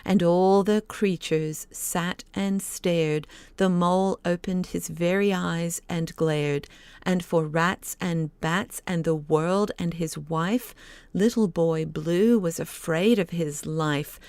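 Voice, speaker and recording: A woman narrating an audiobook, reciting a children's story poem in a slow, lilting way. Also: fairly low pitch, steady tone, a little mellow, clean tone, dry recording.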